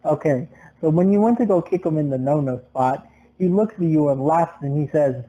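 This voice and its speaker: A playful young man co-hosts a casual podcast and tells stories, teasing and laughing as he talks. His voice is high yet warm and mellow. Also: moderate pace, muffled recording. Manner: playful, teasing storyteller who laughs often. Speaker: podcast co-host. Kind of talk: casual chat.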